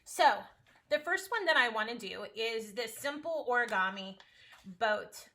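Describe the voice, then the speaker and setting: A woman's voice: on the high side, animated, measured pace, pushed and bright. A woman teaching a casual home-school science lesson, chatty, playful and encouraging.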